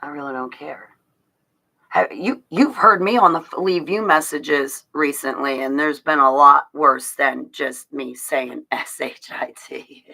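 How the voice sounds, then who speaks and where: A woman's voice: deep voice, measured pace, creaky, pushed and bright, poor audio. A woman hosting a casual livestream, rambling and confiding in her viewers, with restarts and laughs. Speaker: livestream host talking to her chat.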